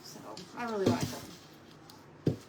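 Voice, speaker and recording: A woman's voice: slow pace, very noisy. A woman chatting casually on a live craft stream from home, cooing at her dog between talk about her painting.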